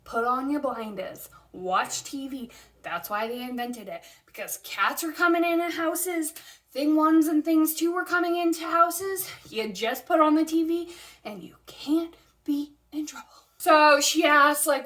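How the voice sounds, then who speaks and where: A young woman giving a comedic review of a children's book, dry and exasperated. Her voice sits a little high, and she takes her time. She talks in sarcastic asides. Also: unhurried, a bit bright, recorded from a distance. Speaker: host reviewing a picture book.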